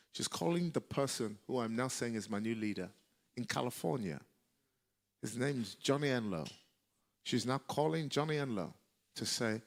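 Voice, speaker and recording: A man preaching a sermon, telling a personal story in an animated way and breaking into shouted exhortations. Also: medium pitch, creaky. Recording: live church service.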